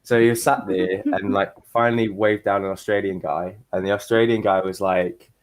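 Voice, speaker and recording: A man's voice: on the low side, steady tone, normal speed. A man with a Nottingham English accent, chatting casually on a podcast and telling rambling stories with many restarts. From England. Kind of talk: casual chat.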